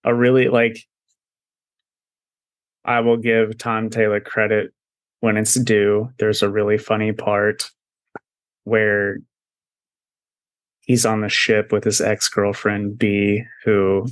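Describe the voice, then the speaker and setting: Slow, low-voiced casual man. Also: completely flat delivery, dry recording. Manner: laid-back, swears, laughs often. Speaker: podcast co-host. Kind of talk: casual comic review chat.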